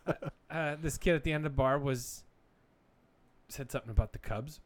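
A man in his thirties co-hosting a casual podcast, telling stories with animated energy and frequent laughs. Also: mid-range voice, moderate pace. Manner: animated storyteller, laughs often. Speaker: podcast co-host. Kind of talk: casual chat.

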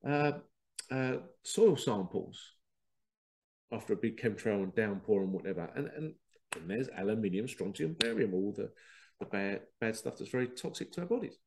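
A middle-aged man, talking in a casual, animated podcast monologue, laughing at himself and acting out remembered conversations. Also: fairly low pitch, moderate pace, creaky. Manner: animated, self-laughing, quotes others in dialogue. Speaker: podcast host.

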